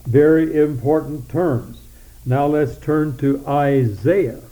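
An older male preacher delivers a sermon at an unhurried, measured pace. His voice is very dark and mellow. He reads scripture out deliberately and drops in dry little jokes when he stumbles. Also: on the high side, rough recording. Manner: reads scripture slowly, then comments with dry asides.

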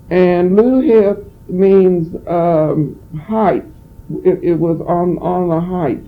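Slow halting preacher on tinny audio. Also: male voice, a little high, steady tone, gravelly. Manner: slow, halting, explains word meanings between verses. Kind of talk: Bible study sermon reading scripture aloud. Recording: tinny phone-like recording.

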